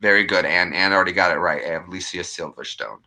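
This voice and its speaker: A man's voice: low-pitched, quick pace, gravelly, sharp tone. A man hosting a casual live stream, rambling and chatty as he greets viewers by name and reads trivia questions. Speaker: livestream host.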